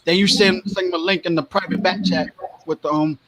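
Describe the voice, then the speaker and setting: A man's voice: sits high, fairly even intonation, a little fast, a bit bright, poor audio. A man on a livestream panel, talking in a laid-back, slangy way. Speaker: panel guest. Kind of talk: casual livestream panel talk.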